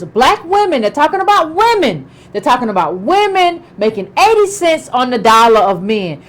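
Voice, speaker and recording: Woman, commentator, lively pitch swings, emphatic, pointed questions. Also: normal speed, hardly any pauses, rough recording. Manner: emphatic, repeats herself, asks pointed questions. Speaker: political commentator. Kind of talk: political commentary.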